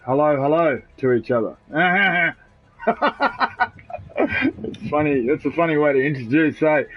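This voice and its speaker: A man with an Australian accent chatting loosely and swearing to his friends while he streams a video game. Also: mid-range voice. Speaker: gamer streaming live. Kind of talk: casual live-stream chat while gaming. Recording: dull lo-fi console stream audio.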